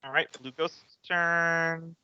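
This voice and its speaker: A man acting as game master, calling out rolls and monster attacks in a brisk, matter-of-fact way. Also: on the high side, fairly even intonation, bright, forceful tone, clear, resonant tone, dry recording, dull audio. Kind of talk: running a tabletop game.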